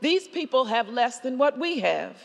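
A woman's voice: high voice, very animated, normal speed, vocal fry, exaggerated voice. Woman quoting a firm old grandmother. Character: older grandmother, firm and plainspoken. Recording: long hall reverb.

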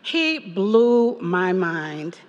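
A woman's voice: lowish voice, sing-song, very slow, big-room sound, muffled recording. A woman giving a personal testimony at a church service, telling a story with quoted voices and laughter. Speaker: parishioner giving a reflection.

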